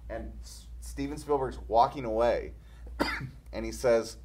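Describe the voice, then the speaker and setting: A man's voice: mid-range voice, normal speed. A man, a film director, chatting casually and rambling through anecdotes with many restarts and stammers. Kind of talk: casual chat.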